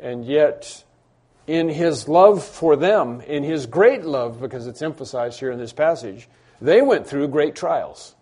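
A man preaching a sermon, with a mellow, warm tone that sits a little high for a man. He acts out the cries of the people he quotes and builds them in intensity. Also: expressive, a little slow, slightly rough. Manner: dramatic, acts out quoted pleas with rising intensity. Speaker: pastor.

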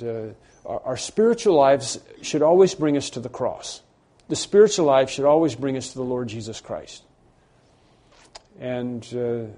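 Mellow-voiced man preaching a sermon. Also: medium pitch. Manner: conversational preaching with frequent fillers and restarts; rises to emphatic bursts on key points. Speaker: pastor. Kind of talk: expository sermon.

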